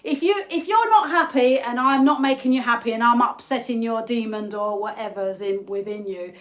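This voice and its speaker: A woman from England with an English accent, hosting a live cooking stream in her kitchen, chatty and quick to laugh as she greets viewers. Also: on the high side. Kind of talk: casual live-stream chat while cooking. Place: home kitchen. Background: pots and pans clattering faintly.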